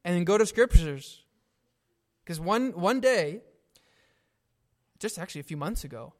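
A man delivers a sermon in a fairly high voice. He takes his time and speaks with earnest conviction. He leans on pointed questions to press each point home. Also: animated. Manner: earnest, deliberate preaching with emphatic questions. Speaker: preacher.

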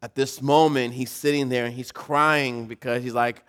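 Man pastor, thirties, casual sermon, storytelling, mid-pitched voice, joking asides. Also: steady tone, moderate pace, few pauses, a bit bright, clear, resonant tone. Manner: casual, storytelling, self-deprecating humor.

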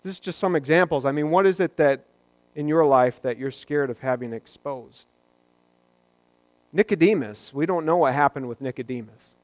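A man's voice: fairly high pitch, normal speed, no room sound. A man preaching a sermon as a pastor, talking in a conversational way with joking asides.

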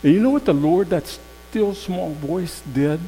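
A man preaching a sermon in a conversational storytelling way, swinging from loud emphasis to hushed tones. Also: on the high side, measured pace. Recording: long hall reverb with faint mains hum.

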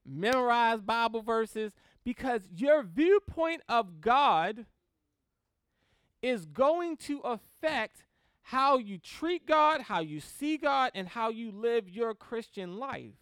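A preacher giving a sermon in an animated way, acting out quotes in little voices and letting phrases fall away at the end. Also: mid-range voice, slow pace, clean tone, dry recording, clean studio sound. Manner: animated, acts out quotes in voices, laughs at own stories.

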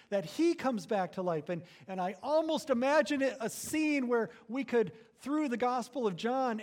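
A man preaching a sermon, building to loud emphatic phrases and then dropping low and quiet. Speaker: pastor.

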